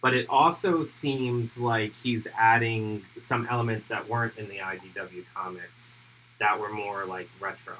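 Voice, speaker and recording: A lower-voiced man with a bright, forward tone talks through his painting steps in a relaxed, thinking-aloud way. He sounds like a hobby livestream host at work. A faint noise sits under his voice. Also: unhurried, poor audio. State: hiccuping. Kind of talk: casual hobby livestream chat.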